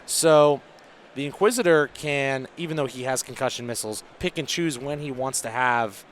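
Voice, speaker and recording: A man's voice: mid-range voice, moderate pace, slight background noise. A man commentating a tabletop tournament in a casual, joking way, reading rules and explaining them in detail.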